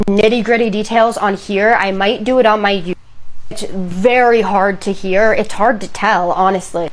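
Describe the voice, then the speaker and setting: Woman telling a true crime story. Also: medium pitch. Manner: dramatic, lingering pauses on grim details. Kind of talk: casual spoken storytelling.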